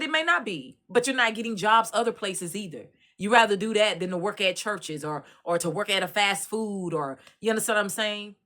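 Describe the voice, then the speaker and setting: Bright-voiced Texan woman telling stories. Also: medium pitch. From Dallas, Texas. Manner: animated storytelling, addresses listeners directly. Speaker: commentary host. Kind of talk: casual commentary monologue.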